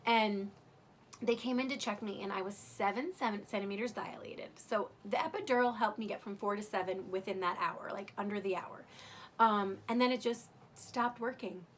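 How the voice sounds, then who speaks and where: A woman's voice: mid-range voice, moderate pace, slight background noise. A young adult woman casually telling the story of giving birth, chatty and candid, full of "like" and the odd swear. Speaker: new mother telling her birth story.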